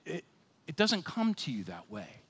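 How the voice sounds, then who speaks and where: A man in his fifties preaching a sermon, animated, swinging between loud excited bursts and quiet, sober scripture readings. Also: a little high, normal speed, husky. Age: 50s. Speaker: pastor.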